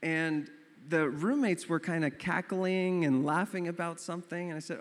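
Animated male pastor in a reverberant hall. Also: on the high side, moderate pace. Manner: animated storytelling, acting out his own surprise. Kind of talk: sermon.

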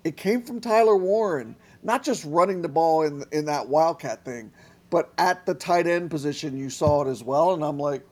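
Emphatic, higher-voiced male sports analyst. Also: normal speed. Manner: emphatic, talks with filler tags like "right?". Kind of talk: casual sports talk.

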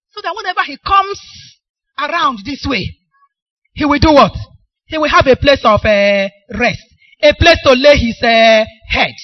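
A woman's voice: high voice, expressive, measured pace, no room sound, muffled recording. A middle-aged woman with a Nigerian accent preaching a sermon, emphatic and asking the congregation questions for them to answer.

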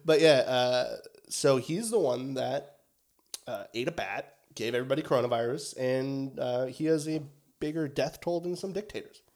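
A man's voice: mid-range voice, moderate pace, darkish tone. A young man co-hosting a casual podcast chat, rambling with lots of fillers and swearing for emphasis. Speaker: podcast co-host.

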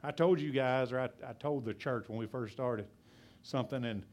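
Male pastor, fast and loud passionate preaching, drops into quiet low asides. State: out of breath. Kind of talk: sermon.

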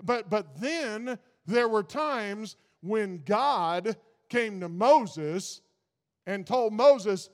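Male pastor, very high voice, conversational sermon turning fervent, long hall reverb. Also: lively intonation, extremely slow. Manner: conversational preaching that builds to fervent intensity. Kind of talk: informal sermon.

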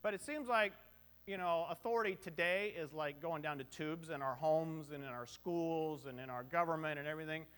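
A man's voice: fairly high pitch, normal speed, fairly bright tone, clear, resonant tone. A middle-aged man preaching a sermon in a conversational, joking way, full of rhetorical questions and short on sleep. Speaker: pastor.

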